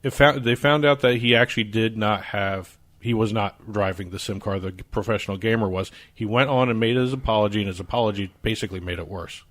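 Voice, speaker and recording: Co-hosting a sports podcast, a man with a New Jersey accent chats casually through the news, explaining stories at length and restarting now and then. He speaks fairly quickly in a lowish, slightly bright voice, barely pausing.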